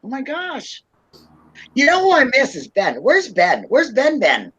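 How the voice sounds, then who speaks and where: High-voiced tipsy lady rambling on her stream, pitch jumping all over, muffled dull sound. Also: huge pitch swings, unhurried, a bit bright, husky, no echo. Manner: rambling, laughs often. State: tipsy from wine. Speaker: livestream host. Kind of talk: casual chat.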